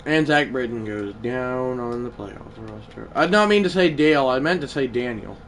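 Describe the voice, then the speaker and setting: Excitable man calling his own ballgame. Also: mid-range voice, moderate pace, vocal fry, a little hiss or hum. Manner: excitable, swings from mumbled asides to shouted play calls. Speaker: gaming livestreamer. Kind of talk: live gameplay commentary.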